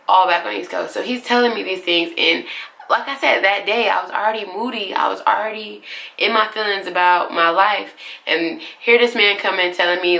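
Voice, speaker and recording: Young woman storyteller from Atlanta, gravelly bright voice, chatty and animated, y'all-heavy. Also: on the low side. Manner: animated, slangy, addresses viewers as y'all. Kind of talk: casual storytime vlog.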